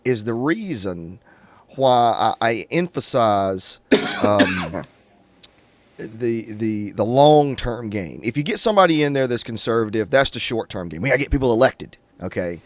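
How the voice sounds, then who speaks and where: A male interviewer speaking slowly and deliberately, drawing out key words in a political conversation. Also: mid-range voice, lively intonation, no echo.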